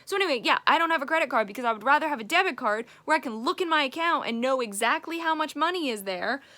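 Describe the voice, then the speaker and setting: Young woman, daily vlogger, chatty and rambling, bright clear tone. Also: sits high, animated, fast. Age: young adult. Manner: rambling, chatty, rising to exasperated rants. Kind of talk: casual daily vlog chat.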